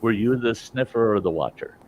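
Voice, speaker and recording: A man hosting a casual online chat, telling long jokes and jumping into loud, high voices for the characters. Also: a little fast. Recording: dull lo-fi audio with faint noise.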